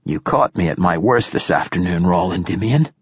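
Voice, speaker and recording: A man voicing a very old, profane poet with a voice harsh and raspy with age, blunt and forceful. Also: low-pitched, expressive, normal speed, dry recording, clean studio sound. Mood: gruff. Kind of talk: audiobook dialogue.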